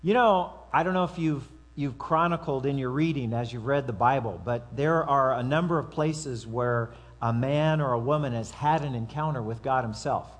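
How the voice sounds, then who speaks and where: A man's voice: medium pitch, normal speed, hardly any pauses. A man preaching a sermon to his congregation in a conversational way, with asides and acted-out quotes. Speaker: pastor.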